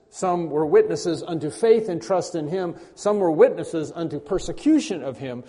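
A man preaching a sermon as pastor, repeating key phrases with emphasis and swinging between loud and hushed delivery. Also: fairly high pitch. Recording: long reverb of a large hall.

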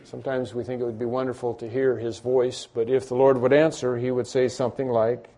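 A man's voice: medium pitch, flat delivery, brisk, hardly any pauses, dark tone. A man preaching a sermon, who acts out the cries and pleas of the people he quotes with rising intensity. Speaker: pastor.

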